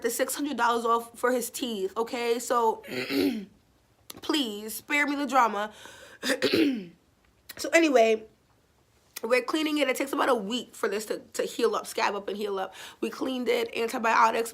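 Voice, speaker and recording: A woman vlogger telling a story in a loose, rambling way, full of fillers and blunt asides with the odd swear word. Her voice is bright and forward and sits a little high. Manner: chatty and digressive, with frequent fillers; blunt and expressive, with casual swearing. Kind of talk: casual storytime vlog.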